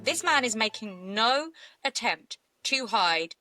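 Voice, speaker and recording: A woman co-hosting a true-crime chat, her bright, fairly high voice swinging up and down as she talks. She sounds animated and outraged, and her voice is close and dry. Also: slow, dry recording, soft background music. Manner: animated, outraged, laughs often. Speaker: podcast co-host.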